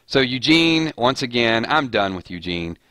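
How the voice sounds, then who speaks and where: A man's voice: mid-range voice, big pitch swings, a little slow, pushed and bright, no room sound. A man hosting a casual live stream about a TV series, talking in a rambling way with frequent restarts and filler words.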